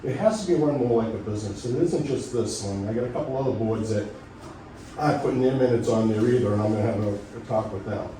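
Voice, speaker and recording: A middle-aged man speaking insistently and argumentatively at a public meeting, his voice going hoarse. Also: lowish voice, fast, dark tone, a little hiss or hum. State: losing his voice. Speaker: resident speaking at public comment. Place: town meeting room. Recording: echoey room from far off.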